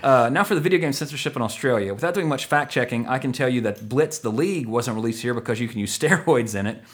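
A man's voice: mid-range voice, expressive, fast talker. A man hosting a podcast in casual chat, rambling and joking, often correcting himself mid-sentence. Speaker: podcast host.

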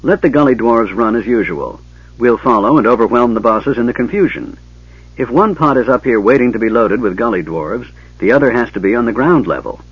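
A man's voice: medium pitch, animated, brisk, breathy edge, no room sound. A man voicing a stern, proud male knight who growls his words. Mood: gruff. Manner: growling, scornful. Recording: dull lo-fi tape, dry.

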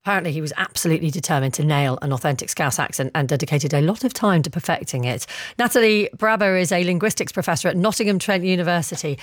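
A woman's voice: fairly low pitch, fast, hardly any pauses. A woman with a British accent presenting breakfast radio, chatty and conversational with her guest. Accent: British English. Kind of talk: breakfast radio interview and news.

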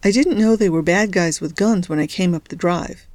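A woman's voice: on the low side, moderate pace, darkish tone, no room sound, close to an everyday voice. A woman voicing an easygoing young man who drives, speaking plainly and earnestly in a storybook reading.

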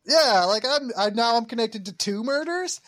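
A man's voice: extremely high pitch, lively intonation, moderate pace, fairly bright tone. A man co-hosting a podcast, recapping a film plot in a rambling, filler-heavy casual chat. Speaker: podcast co-host reviewing a film.

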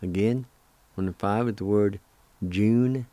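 Slow, dark-voiced man teaching pronunciation. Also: on the low side, dry recording. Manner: spells and repeats words syllable by syllable, encouraging. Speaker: language teacher and radio host. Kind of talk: slow spoken language lesson.

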